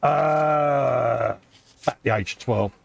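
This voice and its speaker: Creaky-voiced southern English man, joshing. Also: mid-range voice, very slow, slight background noise. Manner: matey banter, calls his friend "mate". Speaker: co-host. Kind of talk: casual chat on a live stream.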